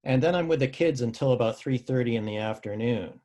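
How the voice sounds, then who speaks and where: A man hosting a casual interview over a video call, talking in a measured way and asking follow-up questions. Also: medium pitch, mellow. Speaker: host.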